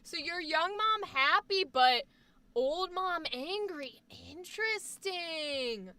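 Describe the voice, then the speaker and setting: Bright high-voiced woman chatting. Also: takes it slowly. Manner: animated and profane, swinging between loud and soft. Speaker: streamer. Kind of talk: casual chat. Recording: dry sound, voice a bit far from the mic.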